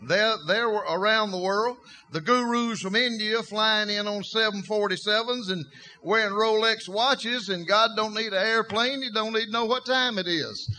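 Emphatic folksy preacher, high-pitched man, sermon delivery. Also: moderate pace, pushed and bright, slight background noise.

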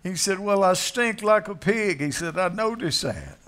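A man's voice: high voice, animated, moderate pace, fairly bright tone. A man preaching a sermon, telling a story in a folksy way and acting out its characters. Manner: folksy, acts out voices in the story.

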